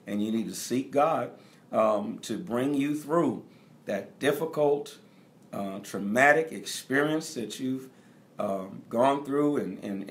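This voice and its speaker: A middle-aged man preaching as a bishop, speaking directly to his congregation and repeating key phrases for emphasis. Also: mid-range voice. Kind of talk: teaching sermon.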